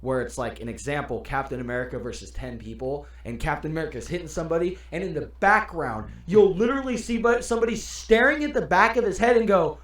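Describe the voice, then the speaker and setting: A man's voice: a little high, fast talker, hardly any pauses. A man co-hosting a podcast, chatting casually and telling stories with lots of laughter. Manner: animated storyteller, laughs while quoting. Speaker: podcast co-host. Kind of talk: casual chat. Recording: roomy echo.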